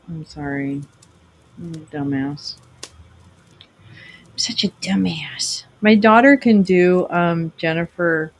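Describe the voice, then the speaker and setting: A woman's voice: fairly low pitch, a little hiss or hum, rough recording. A middle-aged woman hosting a casual livestream, rambling and self-deprecating as she chats with viewers. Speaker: livestream host.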